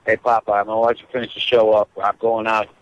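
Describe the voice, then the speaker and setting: A man's voice: fairly low pitch, flat delivery, fast, highs cut off, a little hiss or hum. A man hosting a talk radio show by phone, rambling and self-deprecating in casual chat. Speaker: regular host calling in from the protest.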